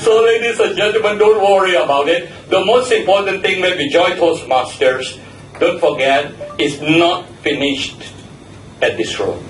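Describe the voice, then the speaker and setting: A man's voice: high-pitched, unhurried, distant mic, slight background noise. A man giving a joking, encouraging talk as general evaluator at a speaking club meeting. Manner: joking, chatty, laughs at his own stories. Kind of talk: humorous encouraging club speech. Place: meeting room. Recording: echoey room, picked up from afar.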